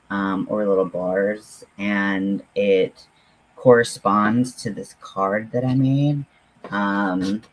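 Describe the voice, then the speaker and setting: A man hosting a casual livestream, chatting in a halting, friendly way with many pauses and fillers while talking to viewers at home. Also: sits low, rough recording. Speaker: livestream host.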